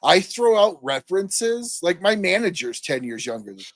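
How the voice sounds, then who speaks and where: A man in his forties co-hosting a podcast, chatting casually and joking about himself in a rambling way, with a gravelly voice close to the mic. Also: sits high, sing-song, moderate pace, fairly bright tone, no echo. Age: 40s. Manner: self-deprecating, rambling. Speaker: podcast co-host. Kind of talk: casual chat.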